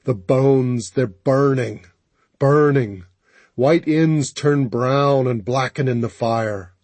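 A man reading an audiobook, voicing a feverish, wounded bandit who mutters slowly in a breathy, husky voice. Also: medium pitch, darkish tone, dry recording. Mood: delirious. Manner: slow, rambling, breathy muttering. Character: delirious wounded male bandit, feverish and haunted.

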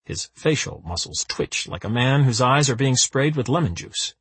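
Lively male audiobook narrator. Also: mid-range voice, moderate pace, slightly rough, no room sound. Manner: lively, dry comic storytelling.

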